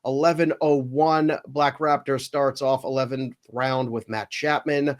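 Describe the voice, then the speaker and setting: A man hosting a casual sports podcast, animated and given to mock outrage. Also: mid-range voice, unhurried. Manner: animated, mock-outraged when picks are taken. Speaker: podcast host running a mock draft.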